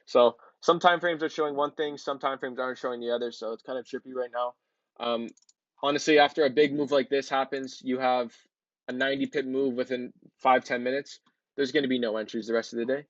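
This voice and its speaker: A man talks viewers through trading charts in a relaxed, rambling way, dropping ums and filler words as he goes. His voice sits at an ordinary middle pitch. The recording is muffled and lo-fi, with a close, dry sound and no room echo. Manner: loose, chatty, many ums and honestlys. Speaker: trading educator. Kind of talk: casual screen-share chart walkthrough.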